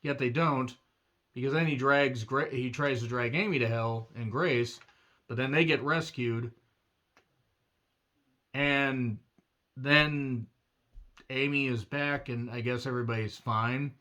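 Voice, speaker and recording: A man's voice: mid-range voice, fairly even intonation, slow pace, long pauses, bright, forceful tone. A man giving a casual, rambling movie review with wry asides and self-corrections, his throat a little strained. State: throat strained from doing a demon voice.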